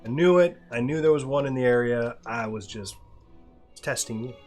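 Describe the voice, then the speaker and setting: Dry guy walking a friend through the game, quiet trailing lines, game music on. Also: medium pitch, normal speed. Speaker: player and co-host of a gameplay video. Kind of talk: casual gameplay commentary.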